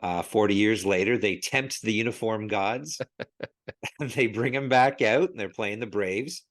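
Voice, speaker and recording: Lower-voiced man, podcast guest, animated storyteller who laughs a lot. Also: unhurried. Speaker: podcast guest, sports logo expert. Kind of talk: casual podcast chat.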